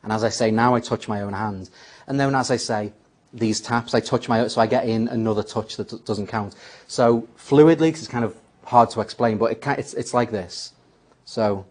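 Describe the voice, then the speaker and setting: A man walks through a magic trick step by step, acting out the patter he would say to a volunteer. His voice is lowish and a little mellow, at normal speed, in this spoken tutorial.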